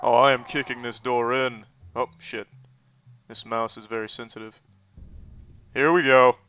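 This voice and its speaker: A man's voice: mid-range voice, fairly even intonation, measured pace, sharp tone, smooth. A man giving crude, sarcastic gameplay commentary and talking trash to the enemies in the game. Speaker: gaming commentator.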